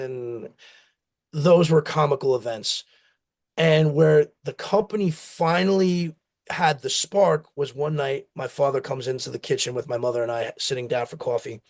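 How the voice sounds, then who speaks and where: A man, a company founder from the United States, telling rambling stories with acted-out quotes in a casual interview. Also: on the high side. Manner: rambling, anecdotal, acts out family quotes.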